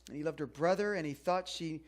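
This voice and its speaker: A man with a fairly high voice preaching to a congregation. He keeps it loose and chatty, stopping to ask his listeners questions. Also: fairly quick. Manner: conversational, asks the congregation questions. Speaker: pastor. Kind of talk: sermon.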